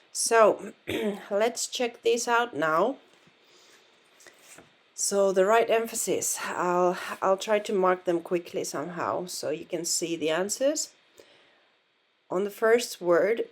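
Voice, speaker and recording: A woman with a Finnish accent, patiently explaining pronunciation in a language lesson and repeating words to model them. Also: fairly low pitch. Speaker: language teacher.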